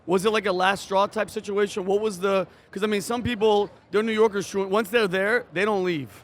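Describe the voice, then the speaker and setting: A man from New York hosts a casual interview at an event, talking loosely and rambling with lots of fillers. His voice sits notably high for a man. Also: fairly even intonation, fairly quick. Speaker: host, interviewer.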